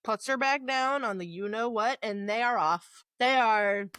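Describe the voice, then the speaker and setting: A woman's voice: a little high, a little slow, clear, resonant tone, dry recording. A young woman co-hosting a podcast, recapping a novel in casual chat and acting out the characters' lines with laughs. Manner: animated storytelling, acts out quotes with laughs. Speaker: podcast co-host.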